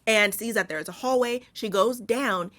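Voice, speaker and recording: A woman's voice: fairly high pitch, moderate pace, fairly bright tone. A woman hosting a casual movie recap, blunt and sarcastic, swearing freely as she retells the plot.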